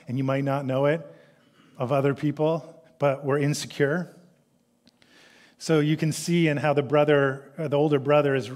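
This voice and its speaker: A man preaching a sermon as a pastor, earnest, reading scripture and building from hushed to animated. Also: on the high side.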